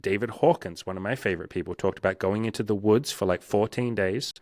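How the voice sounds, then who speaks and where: A man's voice: on the low side, fast, a little mellow, no echo, clean studio sound. A male coach talking frankly in a casual interview, swearing freely and acting out inner voices.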